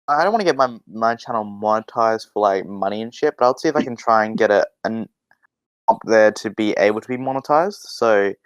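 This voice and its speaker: A man's voice: lowish voice, clean tone, no room sound. A young man in casual podcast chat, rambling and swearing, with many restarts. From Australia. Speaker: podcast guest.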